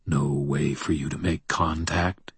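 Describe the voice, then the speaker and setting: A man's voice: sits low, slow pace, breathy edge, dry recording, heavily acted. A man voicing a brooding vampire brother. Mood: cool. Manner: steady, then cutting and sarcastic. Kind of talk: audiobook dialogue.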